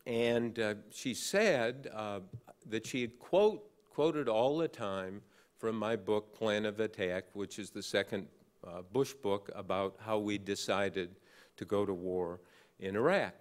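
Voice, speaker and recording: A man in his sixties giving an award acceptance speech at a podium, telling an anecdote in a halting way with many uh fillers and dry, wry humor. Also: fairly low pitch. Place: large banquet hall on stage.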